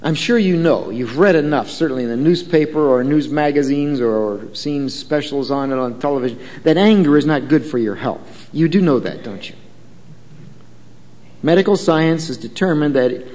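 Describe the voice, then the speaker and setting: A man's voice: fairly high pitch, expressive, normal speed, a little mellow, long reverb tail. A man preaching a sermon in a conversational way, telling a story and asking the congregation questions. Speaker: pastor.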